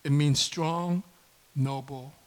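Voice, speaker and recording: A middle-aged man preaching a casual sermon in a church, chatty and self-deprecating, bursting into loud impassioned preaching when he gets going. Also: fairly high pitch, fairly even intonation, takes it slowly, low-quality recording. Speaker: pastor. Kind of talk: conversational sermon.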